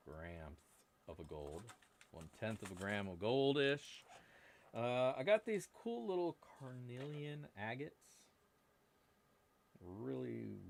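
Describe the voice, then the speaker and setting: Working at an indoor bench, a live-stream host prospects for gold and chats with his audience in a mid-range voice, joking around and rambling casually. Background noise is heavy.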